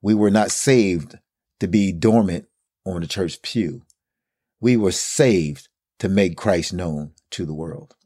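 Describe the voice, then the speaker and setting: A man with a very deep, low voice leads a Bible study chat, earnest and preacherly, stacking phrase after phrase. The sound is close and dry, with no room around it. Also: slow pace, warm tone, husky, no room sound. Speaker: co-host of a Bible study talk. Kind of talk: casual Bible study discussion.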